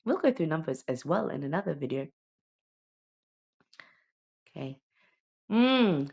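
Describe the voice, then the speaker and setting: A woman's voice: low-pitched, sing-song, measured pace, vocal fry, pauses often, a little mellow. A woman giving a casual alphabet lesson, explaining each letter in a chatty way with many okays and ums. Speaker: homeschooling teacher.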